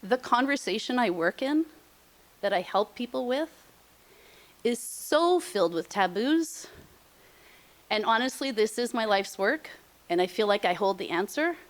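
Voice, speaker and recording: A middle-aged woman gives a heartfelt motivational talk with a slightly high voice. She speaks emphatically, repeats her points for weight, and her emotion shows through. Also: animated, measured pace, long pauses. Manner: emphatic and repetitive, openly emotional. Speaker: presenter on aging and senior housing.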